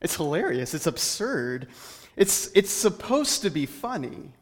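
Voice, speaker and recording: A man's voice: fairly high pitch, big pitch swings, unhurried. Earnest male preacher in a reverberant hall. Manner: earnest, builds through rhetorical questions. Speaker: pastor. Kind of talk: sermon.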